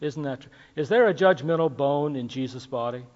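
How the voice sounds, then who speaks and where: A man preaching a sermon as pastor, talking casually and jokingly with filler pauses. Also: medium pitch, a little mellow. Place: church sanctuary. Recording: dull recording with long hall reverb.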